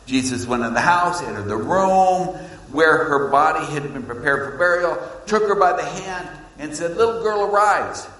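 A man preaching a sermon as pastor, swinging between loud emphasis and hushed, low lines. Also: moderate pace. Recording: echoey hall with long reverb.

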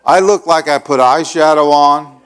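A middle-aged male pastor telling a long story in a sermon, acting out the voices and shouting the dramatic parts. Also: a little high, a little slow, smooth. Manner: animated, acts out voices with loud shouts.

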